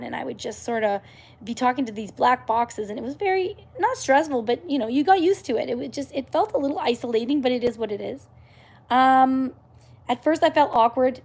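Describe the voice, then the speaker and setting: Canadian woman rambling on her livestream, kinda high voice, lots of um and you know. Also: a little mellow. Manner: chatty and upbeat, frequent fillers and restarts. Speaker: YouTuber hosting a live stream. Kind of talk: casual live-stream talk to viewers.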